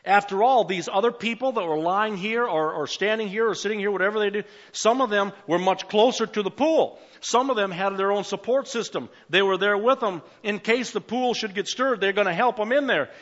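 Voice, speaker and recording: An older man preaching a sermon as pastor, swinging between emphatic calls and quiet asides. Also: high voice, a little fast, few pauses, muffled recording.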